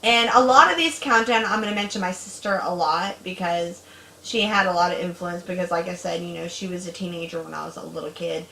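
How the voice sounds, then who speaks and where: A woman's voice: fairly low pitch, brisk, creaky, slight background noise. Chatty thirties woman, echoey room. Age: 30s. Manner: chatty, animated, with sudden loud bursts when she acts out stories. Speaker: host. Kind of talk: casual chat.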